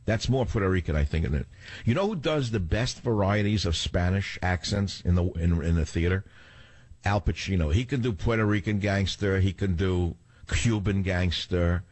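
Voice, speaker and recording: Older male talk-radio host, slightly low voice, theatrical and wisecracking, dry studio mic. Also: moderate pace, a little mellow, no echo. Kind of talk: talk radio chat and monologue.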